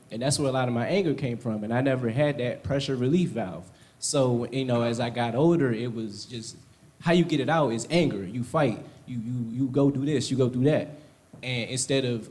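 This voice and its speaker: A man sharing his experiences in a group discussion, speaking in a reflective and measured way. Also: mid-range voice, warm tone. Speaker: discussion participant.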